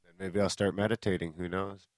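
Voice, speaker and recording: A man with a very low voice co-hosts a podcast in loose, casual chat. He jokes and swears freely, riffing on his partner's words. The sound is close and dry, with no room around it. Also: little pitch movement, brisk, darkish tone, dry recording. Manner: joking, profane banter. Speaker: podcast co-host.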